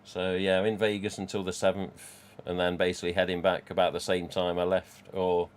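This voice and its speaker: A man's voice: deep voice, monotone, brisk. A man, casually chatting and rambling on a live stream from home. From England. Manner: rambling, chatty, reads out chat.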